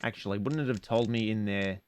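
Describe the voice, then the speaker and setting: A man's voice: on the low side, a little fast. A man streaming a mystery game, with casual, sarcastic, muttering commentary as he plays.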